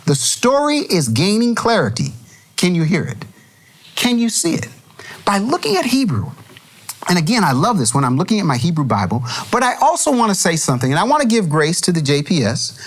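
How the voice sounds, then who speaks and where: Male Bible study host with a lively, up-and-down delivery; chuckling, conversational teacher. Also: high-pitched, fairly quick. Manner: animated, chuckling, restarts mid-thought.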